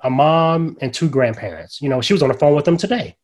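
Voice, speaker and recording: An older man, a chaplain guest, casually telling a personal story in a folksy, conversational way and dropping softly into quoted dialogue. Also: fairly high pitch, lively intonation, quick pace. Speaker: guest, grief ministry chaplain.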